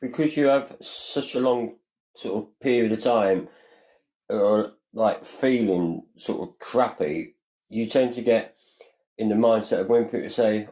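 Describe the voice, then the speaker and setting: A man co-hosts a podcast in casual chat. His voice sits low and warm, and he talks in an earnest, meandering way, circling back on his own points. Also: a little slow, poor audio. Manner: earnest, rambling, often says "you know" and "like". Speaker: podcast co-host.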